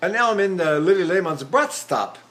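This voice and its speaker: An older male voice teacher lectures on singing technique, his trained tenor pitched high among men. His speech swings widely in pitch as he explains, stopping now and then to demonstrate on sung syllables. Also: animated, moderate pace, a bit bright. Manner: demonstrates with sung syllables and vowels, talks with fillers and restarts.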